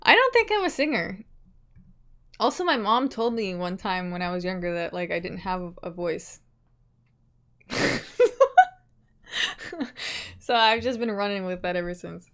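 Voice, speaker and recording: A young adult woman streamer chatting casually with her viewers, reading their comments, laughing often and trailing off softly at the ends of her thoughts. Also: mid-range voice, animated, moderate pace, pauses often. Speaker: livestreamer.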